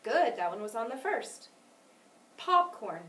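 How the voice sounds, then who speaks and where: Woman teacher doing phonics, patient and clear, bouncy voice up and down, sounds a bit far off. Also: fairly high pitch, very animated, normal speed. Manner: patient, clear, encouraging, stresses syllables carefully. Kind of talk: one-on-one phonics lesson. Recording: echoey room, voice from off mic.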